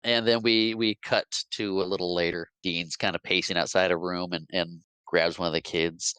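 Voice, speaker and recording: A man with a fairly low but bright, forceful voice tells a film's story scene by scene in a relaxed podcast chat. He slips into the characters' lines and laughs along the way. The sound is close and dry. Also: normal speed, smooth, dry recording. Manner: animated storyteller who acts out characters' lines and laughs often. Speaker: podcast host. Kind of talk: casual movie recap.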